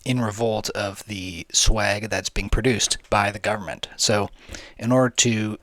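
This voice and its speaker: A man's voice: on the low side, fairly even intonation, unhurried, a bit bright, dry recording. A young man giving casual, rambling gameplay commentary, slangy, jokey and swearing freely. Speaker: gaming video host.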